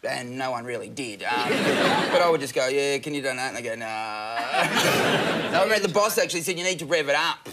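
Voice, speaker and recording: A man's voice: medium pitch, animated, brisk. An Australian man co-hosting a comedy panel show, telling goofy, self-mocking anecdotes. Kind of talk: joking panel chat. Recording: loud audience laughter and noise.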